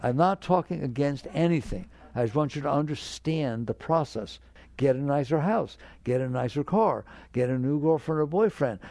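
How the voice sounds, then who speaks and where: A man's voice: a little high, gravelly, warm tone, dry recording. A man giving a spiritual talk to an audience, emphatic and direct, often asking rhetorical questions. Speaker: spiritual teacher.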